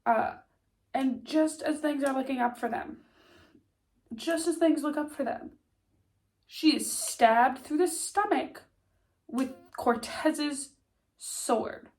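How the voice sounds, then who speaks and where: Taking it slowly with long pauses, a high-voiced woman with a stuffy nose recaps a TV series for her vlog. Her delivery is chatty and loaded with "like" and "um" fillers.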